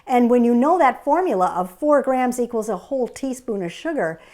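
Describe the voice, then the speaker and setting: Woman host, slightly raised pitch, earnest and emphatic, persuasive in casual chat. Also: expressive, fairly quick, warm tone. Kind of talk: casual chat about diet.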